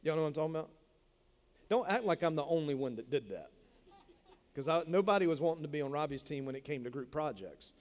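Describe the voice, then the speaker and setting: Casual preacher in a reverberant hall. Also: male voice, a little high, lively intonation, fast talker. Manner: conversational, jokey, repeats words while explaining. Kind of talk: sermon. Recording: long reverb in a large hall.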